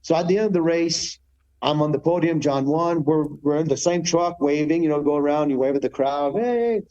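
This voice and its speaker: A man telling lively stories as a guest in a podcast interview, acting out other people's voices with big jumps in pitch. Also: fairly quick, highs cut off. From Canada. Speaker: guest, retired motorcycle racer. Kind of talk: animated storytelling in a podcast interview.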